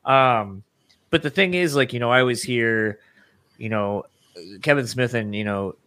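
A man's voice: mid-range voice, unhurried, sharp tone, dry recording. A man co-hosting a podcast in casual chat, talking candidly in a rambling way and swearing casually. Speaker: podcast co-host.

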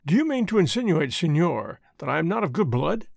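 A man's voice: on the high side, big pitch swings, a little fast, vocal fry, dry recording, clean studio sound, exaggerated voice. A man reading aloud as a proud, easily stung army captain in an old adventure storybook, haughty and bristling.

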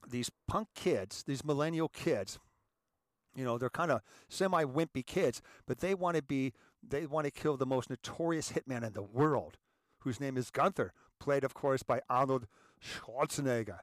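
A man hosting a show, speaking to viewers in an emphatic monologue, often repeating words and calling them ladies and gentlemen. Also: mid-range voice, expressive, normal speed, no room sound, studio quality. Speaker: show host.

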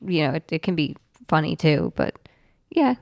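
A woman's voice: deep voice, sing-song, moderate pace, gravelly, darkish tone, no room sound, clean studio sound. A woman guest on a casual podcast, laid-back and explaining with small hesitations.

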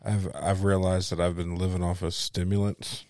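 Young male co-host, low voice, dry close sound, slow teasing delivery. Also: little pitch movement, darkish tone, dry recording. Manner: laid-back, teasing, drawn-out phrases. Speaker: podcast co-host. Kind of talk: casual chat.

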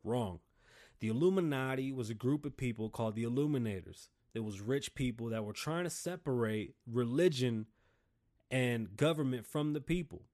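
A man hosting his own show, ranting casually in an animated, profane, rambling way. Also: medium pitch, moderate pace. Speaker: show host.

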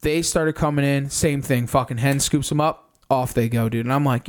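A young man on a podcast, casually recounting a hunt in animated detail, swearing often and acting out his own reactions. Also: medium pitch, normal speed, hardly any pauses. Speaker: podcast co-host. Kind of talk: casual storytelling recap.

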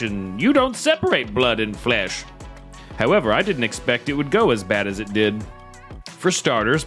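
A man's voice: medium pitch, a bit bright. A man co-hosting a comedy podcast, reading online stories aloud and breaking in with laughing asides. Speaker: podcast co-host.

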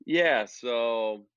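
A man's voice: mid-range voice, fairly bright tone, clean tone, no echo. A man co-hosting a podcast, chatting casually about sports in a joking, rambling, self-deprecating way. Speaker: podcast co-host. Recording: dull lo-fi dry audio.

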